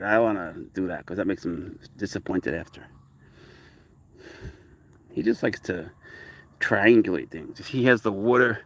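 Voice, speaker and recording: A man casually chatting while out with his pet cat, rambling about life and switching into cooing baby talk for the animal. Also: fairly low pitch. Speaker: cat owner vlogger. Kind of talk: casual outdoor vlog chat. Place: outdoors by a lake.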